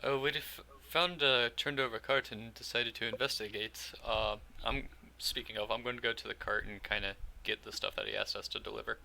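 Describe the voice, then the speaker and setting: Gravelly, bright-voiced male player. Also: medium pitch, steady tone, brisk, few pauses. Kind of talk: casual tabletop game talk.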